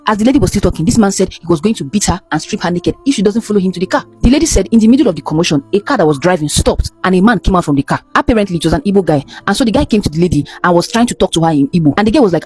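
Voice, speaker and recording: A Nigerian woman telling a story in a chatty, animated way as a show host. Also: mid-range voice, rapid-fire, breathy edge. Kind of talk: casual storytelling.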